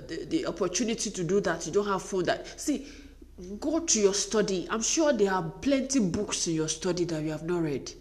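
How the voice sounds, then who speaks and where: A woman's voice: medium pitch, darkish tone. Earnest woman giving a faith-based pep talk. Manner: earnest, emphatic, repetitive exhortation. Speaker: motivational speaker for wives.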